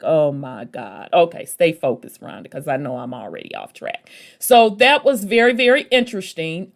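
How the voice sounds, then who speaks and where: A woman hosting a podcast, telling a story in a chatty, folksy way and calling her listeners baby and y'all. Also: on the low side. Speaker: podcast host. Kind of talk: casual storytelling talk.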